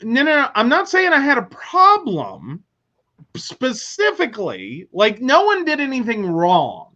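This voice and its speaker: A man's voice: very high-pitched, wildly swooping pitch, measured pace, pushed and bright, lo-fi sound. A man hosting a casual talk show, rambling along with many filler words. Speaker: host. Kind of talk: casual chat.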